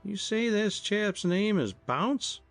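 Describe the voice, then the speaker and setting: A man puts on a cool, wry young fellow with a raised, animated voice. The reading sounds close and dry. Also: sits high, takes it slowly, dry recording, faint music behind, pitched above the performer's own voice, exaggerated voice. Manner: cool, mocking.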